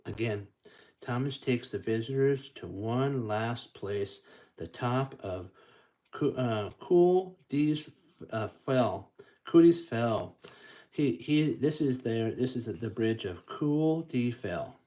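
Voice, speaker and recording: A man's voice: mid-range voice, takes it slowly. A man reading a picture book aloud to children in an encouraging way, making train sounds and dropping to whispers. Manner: encouraging, lively, drops to whispers and chugging sounds. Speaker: storytime reader.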